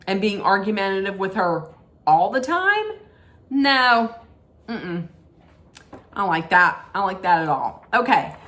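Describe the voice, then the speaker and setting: A woman's voice: mid-range voice, a bit bright. Emphatic woman ranting in a recap. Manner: emphatic, disapproving, with frequent "mm-mm" and restarts. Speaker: reality TV recap host. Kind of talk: casual opinionated recap rant.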